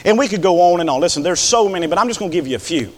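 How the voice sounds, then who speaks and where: Fiery preacher in a reverberant church. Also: male voice, animated, very fast. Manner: impassioned, swings from low talk to high shouts. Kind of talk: sermon. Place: church sanctuary.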